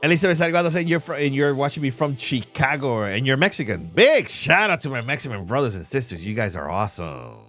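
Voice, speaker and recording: Man, livestream host, casual slangy delivery, emphatic, mid-pitched voice, faint background music. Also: lively intonation, quick pace, few pauses, a bit bright. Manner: casual, slangy, calls viewers bro and my man; emphatic, hype-driven pitch to viewers. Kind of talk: live chart walkthrough and chat shout-outs.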